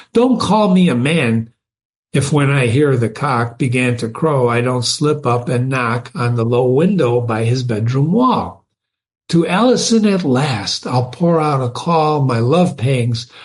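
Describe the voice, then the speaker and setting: A man voicing a lovesick young male suitor who gushes and pleads in florid love talk, raising his voice a little higher than his narration. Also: lightly acted.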